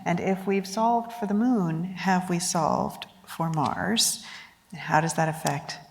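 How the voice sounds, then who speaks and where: Moderator, female, very low with vocal fry, friendly, long hall reverb. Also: slow, slight background noise. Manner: friendly, laughs often, poses questions. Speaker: panel moderator. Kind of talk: moderating a conference panel. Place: large conference hall.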